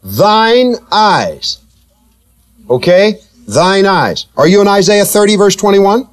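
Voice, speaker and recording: A man preaching a sermon, teasing and questioning his listeners, with slow, emphatic delivery that rises and falls. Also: high-pitched. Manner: animated, teasing, asks the congregation questions.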